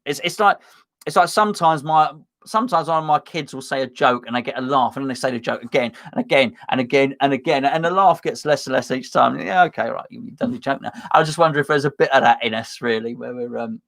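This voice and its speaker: Man, middle-aged, casual live-stream host, rambling and chatty, self-mocking, average pitch. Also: a little fast, vocal fry, a bit bright. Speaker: podcast host reading live chat. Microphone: headphones and webcam at a desk.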